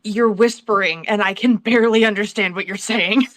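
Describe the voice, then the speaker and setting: A woman playing a tabletop game over an online call, eager and quick to laugh. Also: medium pitch, steady tone, a crowd in the background. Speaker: player. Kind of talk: casual play chat. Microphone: own mic on online call.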